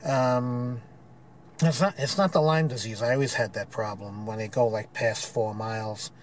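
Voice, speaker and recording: A man's voice: mid-range voice, normal speed, slight background noise. Rambling older man hiking. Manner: rambling, self-mocking, chuckling. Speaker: hiker filming his hike. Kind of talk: casual hiking vlog. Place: outdoors on a forest trail. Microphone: handheld camera mic.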